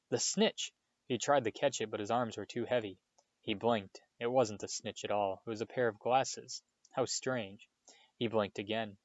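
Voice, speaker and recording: A low-voiced man reads a storybook chapter aloud, expressive and now and then tripping over a word. The recording is dull and dry, with no room sound. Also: no echo. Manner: expressive reading with occasional slips. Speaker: reader.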